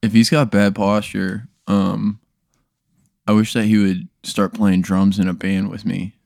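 Low voice guy on a podcast, laid back, playing along, dry sound. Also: measured pace, gravelly, no echo. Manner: relaxed, plays along. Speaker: podcast guest. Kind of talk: casual chat.

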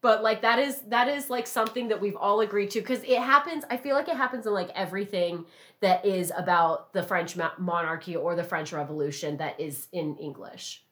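A woman's voice: mid-range voice, fairly quick, fairly bright tone. A woman in casual chat, agreeable and thoughtful, laughing easily.

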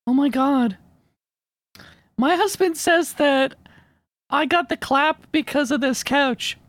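A woman making a prank phone call, complaining in a shrill, flustered way. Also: slow, no room sound. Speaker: prank caller.

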